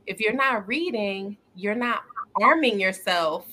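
A woman's voice: mid-range voice, lively intonation, unhurried, sharp tone, a little hiss or hum. A woman co-hosting a faith podcast in casual chat, earnest and upbeat, laughing often. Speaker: podcast co-host.

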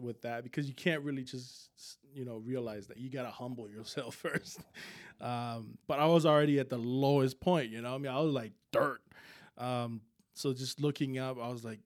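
Man, podcast guest, casual storytelling, slangy, frequent laughs, stop-start phrasing, mid pitch. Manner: slangy, laughs often, trails off in restarts.

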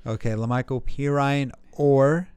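A man in casual fantasy football chat, animated and jokey, often restarting his sentences. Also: mid-range voice, a little slow, smooth, dry recording. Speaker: podcast co-host.

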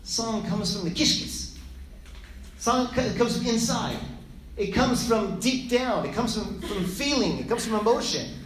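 Animated teacher in an echoey room. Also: mid-range voice, unhurried, slight background noise. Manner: animated, asks and answers own questions, acts out voices. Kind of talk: lively classroom lesson with storytelling. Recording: echoey room with faint ambience.

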